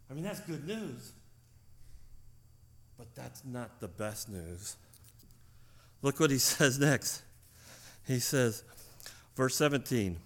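A man preaching a sermon, asking the congregation questions, moving between loud emphatic lines and quiet intimate ones, with casual fillers and restarts. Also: mid-range voice, gravelly. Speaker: pastor.

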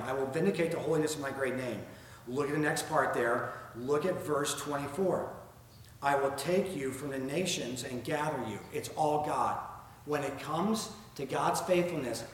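A man with a Southern accent preaching a sermon, asking rhetorical questions and reading scripture aloud in an earnest way. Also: medium pitch. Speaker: pastor. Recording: very echoey room, faint ambient noise.

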